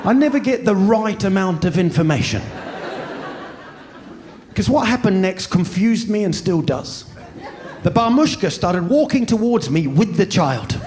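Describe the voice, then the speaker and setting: A male stand-up comedian telling a story on stage with an animated delivery and sudden loud shouts, recorded on a handheld mic. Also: sits high, a little slow. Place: comedy stage before a live audience. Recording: live show with crowd laughter and hum.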